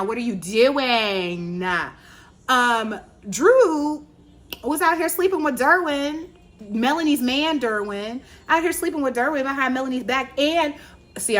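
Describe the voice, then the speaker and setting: A woman in her thirties from Virginia, hosting a podcast in animated, casual, chatty storytelling. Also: a little high. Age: 30s. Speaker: podcast host. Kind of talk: casual chat.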